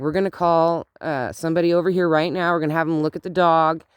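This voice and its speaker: A middle-aged woman ranting in a casual outdoor vlog, animated and indignant, rambling with many fillers, recorded on a handheld phone. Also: low voice, a little fast, hardly any pauses, smooth, no room sound, studio quality. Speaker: vlogger. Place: outdoors in cold morning air.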